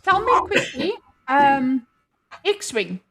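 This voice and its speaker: A woman with a fairly high voice that jumps around in pitch, hosting a casual livestream chat. She keeps things playful with laughs and asks her guests questions. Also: big pitch swings, extremely slow, fairly bright tone. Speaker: livestream host.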